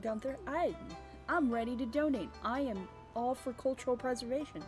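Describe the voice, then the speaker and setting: A woman's voice: high-pitched, moderate pace, over music. A woman chatting casually and rambling while playing a farming game. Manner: rambling, lots of fillers and restarts. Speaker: gamer.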